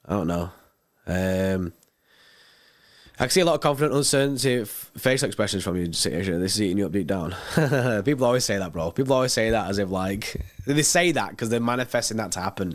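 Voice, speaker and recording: A man hosting a fan channel's livestream in casual chat, laid-back and chatty, reading out viewer comments. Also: medium pitch.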